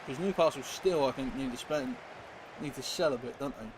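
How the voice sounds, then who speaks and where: With a mid-range voice that runs a little fast, a young man streams a football game and chats loosely, rambling as he reacts to viewers and what happens on the field. A noisy hiss sits under the recording.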